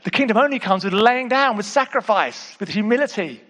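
A man preaching in a high, lifted voice, speaking to his congregation like friends. He drops to near-whispers, then bursts into emphatic exclamations. His words ring out in a large hall with a long reverb tail. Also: expressive, a little fast. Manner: swings between hushed intimate asides and emphatic exclamations; conversational, with repeated calls to the audience. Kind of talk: sermon.

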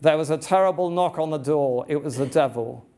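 Earnest halting male preacher. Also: a little high, warm tone. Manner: earnest, halting, many restarts. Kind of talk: sermon storytelling.

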